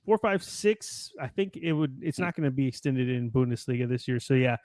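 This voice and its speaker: A man's voice: medium pitch, expressive, fairly quick, a little mellow, dry recording, studio quality. An American man co-hosting a casual soccer podcast, chatty and rambling, laughing often. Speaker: podcast co-host.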